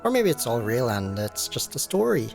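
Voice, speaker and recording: Gravelly man musing over a game. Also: medium pitch, huge pitch swings, normal speed, faint music behind. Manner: musing, thinking aloud with fillers. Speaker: let's play host. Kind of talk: gameplay commentary.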